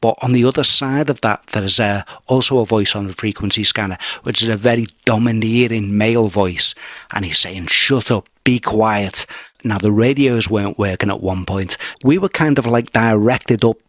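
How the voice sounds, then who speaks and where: Earnest Merseyside paranormal investigator, low and dry, uneasy and repetitive in his telling. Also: normal speed, fairly bright tone, no echo. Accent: English, Merseyside. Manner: nervous, earnest, repeats phrases. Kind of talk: on-location report. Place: abandoned asylum at night.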